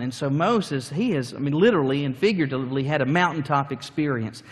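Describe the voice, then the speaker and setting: Man, pastor, sermon, storytelling, a little high voice, long hall reverb. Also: a little fast, few pauses, a bit bright. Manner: storytelling, acting out the scenes.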